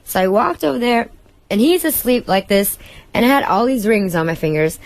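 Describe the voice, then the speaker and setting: A woman guest in a radio interview, telling a story with lots of energy and acting out what people said with sudden pitch jumps. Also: moderate pace, no room sound. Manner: excitable, acts out quotes with big jumps in pitch.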